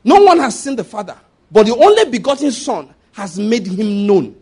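High-pitched male preacher, emphatic and repetitive sermon delivery. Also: big pitch swings, moderate pace, warm tone, husky. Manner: emphatic, repeats phrases, asks listeners if they follow.

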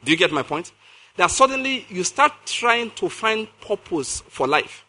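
Here a man preaches from scripture in a high, bright voice that rings out, with big swings in pitch. He reads slowly and drives his points home by repeating key words. Throughout, he questions the congregation to keep them engaged.

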